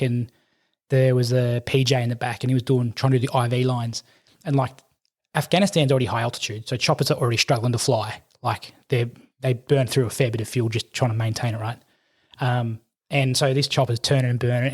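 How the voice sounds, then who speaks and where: A middle-aged Australian man telling a war story in casual chat, animated and swearing, acting out the quotes. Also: mid-range voice. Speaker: podcast guest, army veteran.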